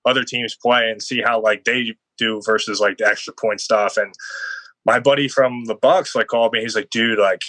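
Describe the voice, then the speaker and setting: Bright, chatty young man. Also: lowish voice, normal speed, no room sound, poor audio. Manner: rambling, heavy on "like" fillers, animated storytelling. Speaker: guest football player. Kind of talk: casual podcast interview.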